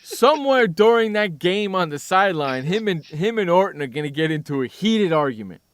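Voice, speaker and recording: A man's voice: high-pitched, big pitch swings, brisk, dry recording, studio quality. A man hosting sports talk radio, ranting bluntly and sarcastically about a player.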